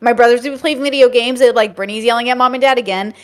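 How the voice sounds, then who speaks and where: A woman's voice: on the high side, very fast. A woman in her thirties telling family stories in casual chat, acting out her parents' lines. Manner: animated storyteller, acts out quotes. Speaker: podcast guest.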